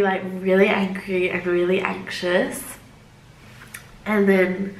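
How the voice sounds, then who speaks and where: A woman's voice: mid-range voice, little pitch movement, a little slow, slight background noise. Chatty young woman in an echoey room. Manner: chatty, loose, heavy use of "like" as filler. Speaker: vlogger. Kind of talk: casual storytelling to camera. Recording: roomy echo.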